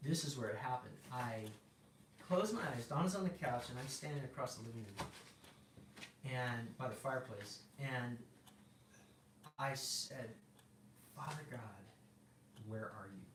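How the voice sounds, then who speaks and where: A man's voice: medium pitch, normal speed, pauses often. A middle-aged man sharing a personal faith story in casual talk, acting out the dialogue with restarts and fillers. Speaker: guest sharing a personal testimony. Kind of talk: casual spoken testimony. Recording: roomy sound from a distant mic with background noise.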